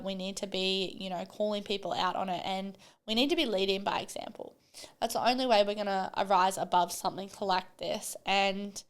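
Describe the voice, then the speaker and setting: A woman's voice: mid-range voice, fairly bright tone, smooth. A young adult woman hosting a solo podcast, talking bluntly and passionately and swearing freely. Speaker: podcast host.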